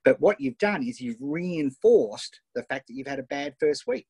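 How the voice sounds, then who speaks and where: A middle-aged Australian man leads a live coaching webinar, reading out his students' wins with energetic encouragement and frequent tag questions. His voice is a touch husky. The sound is dry and close, captured on a tablet's built-in mic. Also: medium pitch, moderate pace, few pauses, no room sound. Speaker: online business coach. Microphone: iPad Pro built-in mic.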